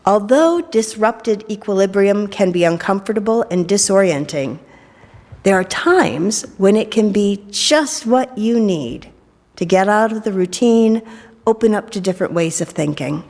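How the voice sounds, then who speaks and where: This middle-aged minister speaks at a medium pitch with an animated delivery, a measured pace and a somewhat dark tone. She's giving a sermon during worship in a church sanctuary, teasing and dropping jokes along the way, while the big hall adds a long echo.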